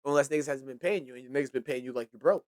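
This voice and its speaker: A male podcast host with a mid-range voice, talking in a loose, animated way. He swears freely and pushes hard on his opinions. His sentences often break off and start again. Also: medium pitch, rapid-fire. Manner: animated, profane, heated opinions; trails off and restarts often. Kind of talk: casual hip-hop podcast rant.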